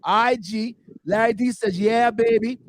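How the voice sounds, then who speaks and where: A man hosting a casual sports talk show, ribbing his panel and reading viewer comments aloud. His voice sits high for a man, and he talks loudly and bounces from one joke to the next. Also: steady tone, no echo. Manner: loud, joking, quick to banter.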